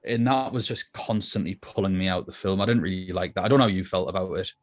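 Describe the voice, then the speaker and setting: A man's voice: deep voice, fast talker. A man co-hosting a film review podcast, chatting casually and thinking aloud with plenty of restarts. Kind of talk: casual chat.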